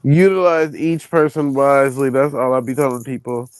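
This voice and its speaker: A man hosting a stream, telling travel stories in a casual, animated and profane way. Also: mid-range voice, moderate pace, smooth, no echo, rough recording. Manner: animated, profane, acts out quoted people. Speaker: stream host. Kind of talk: casual storytelling chat.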